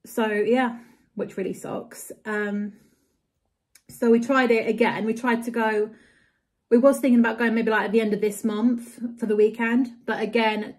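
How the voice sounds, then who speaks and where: A young woman, ranting in a casual vlog about a bad summer, exasperated and rambling with lots of fillers and swearing. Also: medium pitch. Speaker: vlogger.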